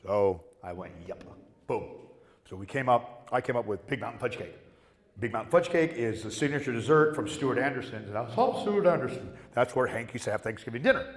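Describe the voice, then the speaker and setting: A man's voice: mid-range voice, sing-song, a little fast. A man on a convention panel, telling a story with lots of swearing and acting out the voices of the people in it. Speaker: panel guest. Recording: roomy hall with long reverb.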